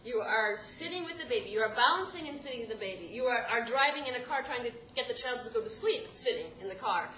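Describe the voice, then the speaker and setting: A woman telling a personal story live, animated and often laughing mid-sentence as she restarts her words. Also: fairly high pitch, fast talker, hardly any pauses. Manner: animated, self-interrupting, laughing through lines. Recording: echoey room with background noise.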